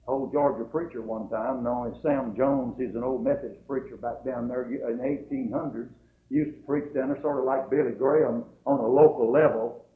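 A man preaching a sermon in a folksy, dramatic way, building to loud emphasis. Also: medium pitch. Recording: tinny lo-fi echoey church tape.

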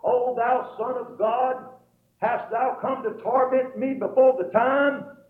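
A man voicing a wild, screaming demon horde that begs for mercy in a shrill, pleading wail. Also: animated, brisk, natural voice. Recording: tinny lo-fi echoey church tape.

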